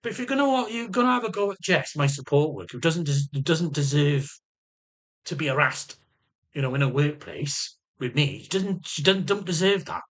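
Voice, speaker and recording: A man rants through a personal update in a somewhat high, bright and tense voice. He swears in almost every line, restarts and repeats himself, and his pitch swings widely as he grows defensive and agitated. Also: expressive, normal speed. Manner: swears constantly, rambling and repetitive. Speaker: vlogger. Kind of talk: ranting personal health update.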